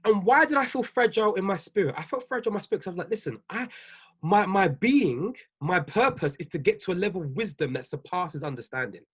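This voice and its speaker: A man's voice: high-pitched, sing-song, quick pace, husky. A man, a business coach giving a preachy, emphatic livestream talk to his viewers. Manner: preachy, repetitive, emphatic, laughs often.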